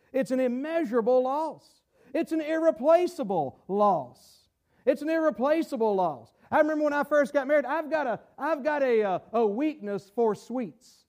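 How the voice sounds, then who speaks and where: Pastor preaching, very high voice, repeats himself, builds up to shouting. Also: male voice. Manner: stumbles and repeats words, rising to shouts for emphasis. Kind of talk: sermon. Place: church sanctuary. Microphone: camera-recorded.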